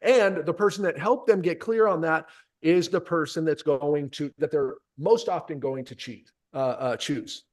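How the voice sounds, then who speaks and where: A man's voice: a little high, normal speed. A man coaching a group on sales conversations, talking energetically and emphatically straight to his listeners. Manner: energetic, emphatic, direct address. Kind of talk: coaching session.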